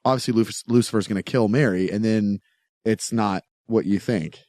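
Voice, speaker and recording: A man's voice: on the low side, normal speed, darkish tone, dry recording, studio quality. A man co-hosting a podcast, chatting casually and joking around. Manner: jokey, puts on silly voices. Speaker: podcast co-host. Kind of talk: casual chat.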